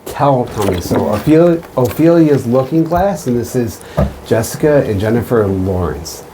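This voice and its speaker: Mellow, easygoing male radio host. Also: mid-range voice, very animated, slight background noise, rough recording. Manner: easygoing, with "like" and "um", quick affirmations. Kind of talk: casual radio interview.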